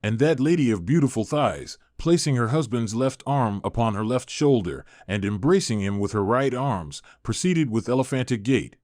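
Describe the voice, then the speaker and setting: Male audiobook narrator, measured recitation, mid pitch, dry booth sound. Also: no room sound. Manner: steady, even recitation with formal old-fashioned wording. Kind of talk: measured scripted reading of an epic.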